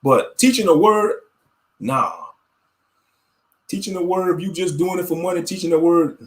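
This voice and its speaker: A man's voice: high-pitched, moderate pace. A man giving casual religious commentary online, slangy and preachy, often laughing.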